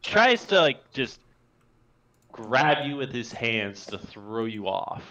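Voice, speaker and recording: A man running a tabletop game as game master, narrating and ruling in a halting way with many restarts. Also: mid-range voice, very animated, sharp tone. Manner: halting, full of restarts and fillers. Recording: dull lo-fi voice chat audio.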